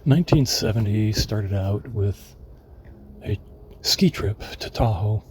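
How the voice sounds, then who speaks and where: Man, 70s, from California. Unhurried, halting memoir narration in a slightly low voice. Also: lively intonation, darkish tone, a little hiss or hum. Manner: rambling and halting, searching for names.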